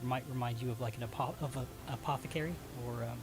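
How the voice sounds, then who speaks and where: A man narrating a tabletop game as game master, describing scenes with halting fillers. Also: mid-range voice, steady tone, music in the background.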